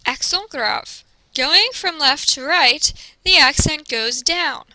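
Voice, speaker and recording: A woman teacher giving a recorded classroom presentation, explaining slowly and carefully and modeling each pronunciation. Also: high-pitched, sharp tone, no echo, rough recording.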